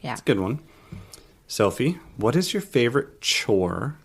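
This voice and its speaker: Lively, teasing family man. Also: medium pitch, measured pace, creaky, husky. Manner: teasing and playful, leading the game. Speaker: podcast co-host, father. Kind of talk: casual family chat.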